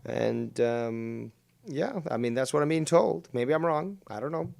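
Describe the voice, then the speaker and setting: A man's voice: medium pitch, a little slow, gravelly, a little mellow, no room sound. A man hosting a casual live-stream talk show, brash, sarcastic and teasing. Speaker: host.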